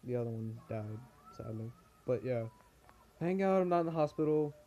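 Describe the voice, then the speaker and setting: A teenage boy with a bad cold and cough talks to camera in a rambling, complaining vlog. His voice is mellow and warm, sitting at an ordinary pitch for a young man. He drifts from story to story, often laughing at his own misery. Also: animated, moderate pace, muffled recording. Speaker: vlogger. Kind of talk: casual vlog chat. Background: pet cockatiel.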